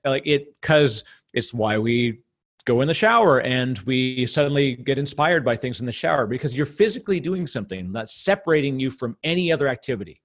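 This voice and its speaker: A man's voice: medium pitch, lively intonation, a little fast. A man hosting a casual interview, talking in long rambling stretches with frequent restarts and laughs. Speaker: podcast host.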